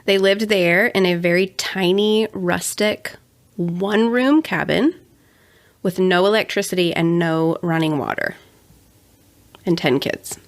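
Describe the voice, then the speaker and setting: A young woman with a slightly low voice hosts a casual true-crime podcast. She explains in a chatty way and drops sarcastic asides. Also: unhurried. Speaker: podcast co-host.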